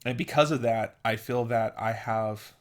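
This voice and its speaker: A man's voice: mid-range voice, normal speed. A man giving an earnest, opinionated vlog monologue to camera in a casual manner. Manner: earnest and opinionated, with mocking put-on voices. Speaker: vlogger.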